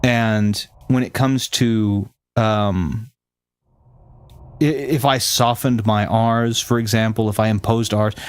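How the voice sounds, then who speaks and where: Male streamer host, neutral General American accent, lowish voice, rambling explainer. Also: steady tone, slow, smooth. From Southern United States. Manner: rambling, self-correcting, explains at length. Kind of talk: casual stream chat with viewers.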